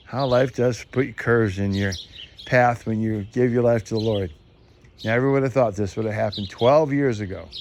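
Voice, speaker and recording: A man's voice: on the low side, darkish tone, slight background noise. A middle-aged man casually talking to camera about faith outdoors, rambling and earnest with frequent chuckles. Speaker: vlogger. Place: outdoors among trees.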